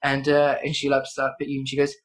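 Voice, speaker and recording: A woman's voice: extremely low pitch, monotone, quick pace. A woman narrating as game master, rambling with fillers and giggles.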